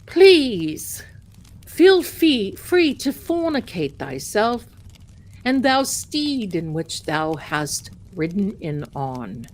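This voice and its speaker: Prim mock-archaic lady cursing in lofty old words , a woman putting it on, slow and theatrical. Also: mid-range voice, very animated. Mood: mock-genteel.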